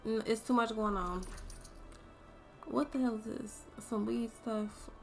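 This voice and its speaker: A young woman streaming a game, chatting casually to her viewers and swearing freely as she thinks out loud. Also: on the high side, steady tone, measured pace, faint music behind. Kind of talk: casual gameplay commentary.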